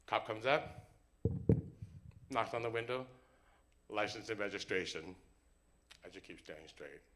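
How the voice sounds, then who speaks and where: A young man performs a comic true story for a live audience, jumping into the voices of the people in it. His voice is very bright and forceful. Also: lowish voice, moderate pace. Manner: animated, comic, acts out dialogue.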